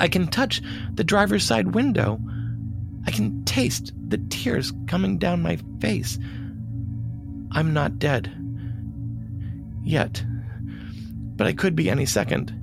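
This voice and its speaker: A man narrating his own story in a halting, emotional way, stammering and repeating words. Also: high-pitched, creaky. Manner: emotional and urgent. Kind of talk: scripted memoir narration.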